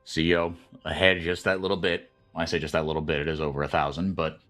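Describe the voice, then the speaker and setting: A man calling esports play-by-play, chatty and rambling, who gets loud and excited when fights break out. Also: rumbling low, fast talker, faint music behind. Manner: excitable, rises sharply in big fights. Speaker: play-by-play caster.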